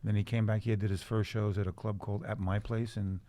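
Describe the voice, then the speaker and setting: Low-voiced older man telling rambling stories. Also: flat delivery, mellow. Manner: rambling anecdotes with restarts, quick laughs. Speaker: guest comedian and musician. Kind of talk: casual storytelling chat. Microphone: studio podcast mic.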